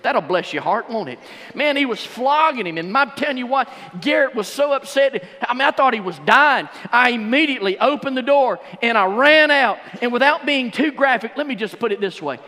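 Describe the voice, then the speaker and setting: A man preaching a sermon as pastor, swinging between shouted fervor and hushed, intimate stretches. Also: very high-pitched, animated, a little fast. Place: church sanctuary. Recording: long church reverb.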